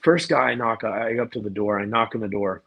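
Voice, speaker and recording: A man as a podcast guest, telling a story in a casual, animated way and often repeating and restarting words. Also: lowish voice, fairly quick, creaky, slightly rough, muffled recording.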